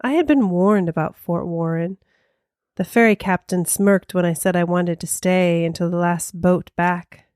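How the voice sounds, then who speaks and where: A woman with a lowish voice co-hosts a paranormal podcast and narrates spooky tales slowly and dramatically. Her voice is dry and close, with no room around it. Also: clean tone, no room sound. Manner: slow, hushed, dramatic storytelling. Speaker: podcast co-host and storyteller.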